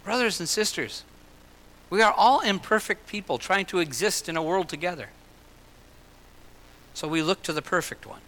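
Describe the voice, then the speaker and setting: A man preaching a sermon in an earnest way, slowing and lifting his voice for emphasis and dropping into personal asides. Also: sits high, expressive, pushed and bright. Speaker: pastor. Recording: long hall reverb.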